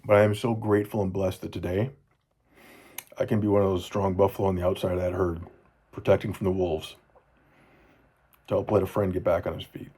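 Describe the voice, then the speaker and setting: Earnest low-voiced man in his forties. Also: little pitch movement, brisk, pauses often, slightly rough. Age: 40s. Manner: earnest, heartfelt, often drops to a soft low voice; repeats phrases for emphasis. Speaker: father speaking to his children. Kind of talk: personal video journal.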